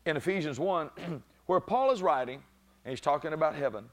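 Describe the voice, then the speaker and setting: A man preaching a sermon, moving between calm teaching and loud exclaiming peaks, often breaking in with praise. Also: a little high, normal speed. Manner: frequent "glory be to God" interjections.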